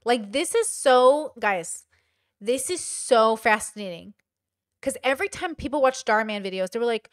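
A woman's voice: on the high side, lively intonation, moderate pace, no room sound, clean studio sound. A woman giving casual, emphatic commentary on a video, talking straight to her viewers. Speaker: reaction commentator.

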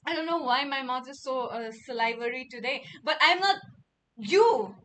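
High-voiced giggly woman streamer. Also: measured pace, pauses often, pushed and bright. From India. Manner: playful, giggly, repeats words. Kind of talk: casual livestream chat.

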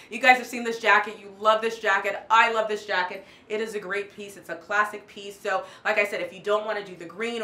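Gushing woman fashion vlogger, bright voice. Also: medium pitch, reverberant. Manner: gushing, enthusiastic, repeats "love, love, love". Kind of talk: casual haul vlog.

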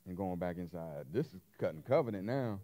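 A man preaching a sermon, animated, swinging between loud and hushed and asking the congregation questions. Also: low-pitched, brisk. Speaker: pastor.

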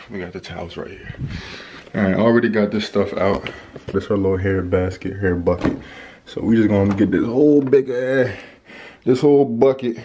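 A man's voice: fairly low pitch, noisy background. A man hosting a family vlog at home, talking to viewers in a playful, joking way. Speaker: father and family vlog host. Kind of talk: casual home vlog narration.

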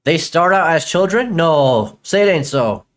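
A young man with a fairly high voice rants through a live reaction stream, exasperated and swearing, loud and laughing in disbelief. His throat is sore from all the yelling. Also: expressive, a little slow. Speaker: YouTube commentator reacting to a video.

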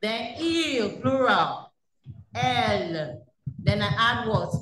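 Over a video call, a woman teaches a French class, posing questions and then answering them herself. Her slightly high voice has lively intonation and she speaks very slowly. The recording is noisy and echoey, with her distant from the mic.

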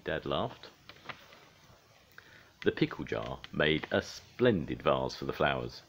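Older grandfather storyteller, deep, very animated read-aloud. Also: slow pace, long pauses, slight background noise. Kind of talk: reading a children's storybook aloud.

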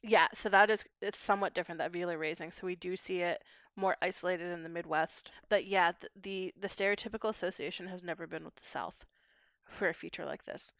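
A woman's voice: on the low side, fairly even intonation, fairly quick, fairly bright tone, no room sound, clean studio sound. A young woman from Pittsburgh, a linguistics PhD student explaining her research in a podcast interview, articulate and academic. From Pittsburgh, USA. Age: young adult.

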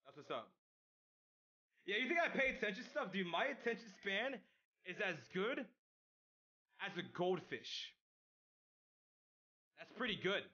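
Reading out messages from his viewers, this young streamer chats casually, getting excited, yelling at times, cursing, and stuttering with many restarts. His voice is high and unhurried, with long pauses, and the recording sounds muffled.

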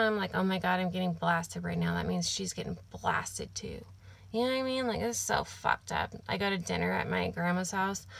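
A woman's voice: mid-range voice, creaky, no echo. A young adult woman talking casually to camera in an apartment, rambling and venting with lots of swearing and filler words.

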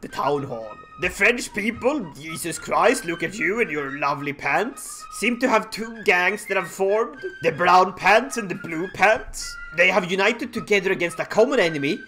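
A young man giving joking, sarcastic commentary over a strategy game, now and then shouting at his troops. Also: high voice, lively intonation, moderate pace, hardly any pauses. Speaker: gaming commentator. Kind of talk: casual gameplay commentary. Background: game music.

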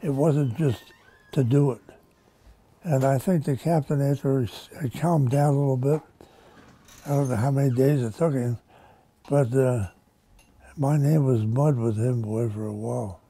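A man's voice: mid-range voice, normal speed, long pauses, dark tone, husky. A man in his nineties, a war veteran giving an oral-history interview in a folksy, rambling storytelling manner. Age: 90s.

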